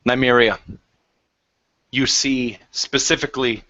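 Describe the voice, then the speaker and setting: A man narrating as game master of a tabletop game, describing scenes in a halting way with fillers. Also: mid-range voice, steady tone, pushed and bright, dry recording. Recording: dry, dull lo-fi sound.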